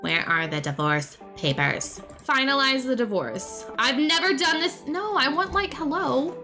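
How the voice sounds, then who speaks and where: A woman's voice: high voice, lively intonation, a little slow, bright, forceful tone. A young woman giving casual let's-play commentary, chatting and exclaiming as she talks to her game characters. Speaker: gaming YouTuber. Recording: faint background music.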